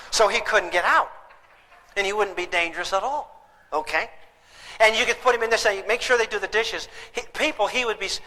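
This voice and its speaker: A man giving a humorous parenting seminar, talking in an animated, theatrical way. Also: sits high, big-room sound, low-quality recording. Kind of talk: humorous live seminar talk. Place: lecture hall with an audience.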